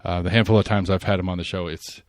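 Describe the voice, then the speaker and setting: A podcast host chatting casually and rambling about local politics, full of fillers and restarts. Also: male voice, sits low, steady tone, quick pace, dry recording, studio quality.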